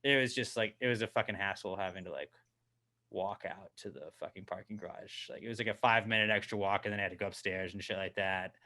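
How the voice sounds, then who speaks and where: A man co-hosting a casual comedy podcast, ranting in a profane, self-mocking way. He swings from mumbled asides to loud outbursts. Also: on the low side, quick pace. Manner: animated, swinging from mumbling to yelling. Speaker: podcast co-host.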